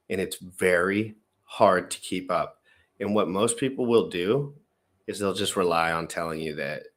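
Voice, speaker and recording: A man's voice: low-pitched, fairly bright tone. A man hosting a casual crypto livestream, ranting emphatically to his viewers. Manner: ranting, emphatic pep talk. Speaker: show host.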